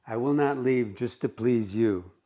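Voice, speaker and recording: A male teacher reading the lines of a cheeky, sarcastic old woman on a park bench, raising his pitch a little for her. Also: a little slow, mellow, lightly acted. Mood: teasing. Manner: sarcastic, teasing.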